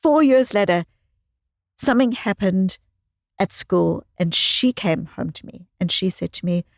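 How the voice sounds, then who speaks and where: Expressive woman psychologist, dry close sound. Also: mid-range voice, a little slow, no room sound. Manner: expressive storyteller who repeats phrases for emphasis. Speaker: psychologist guest. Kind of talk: conversational interview storytelling.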